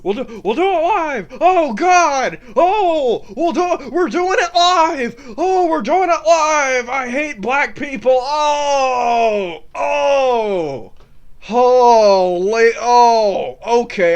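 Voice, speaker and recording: A blustering male TV anchor shouts and moans at a high pitch, as a man puts him on. His delivery is loud and slow. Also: animated, exaggerated voice. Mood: ecstatic.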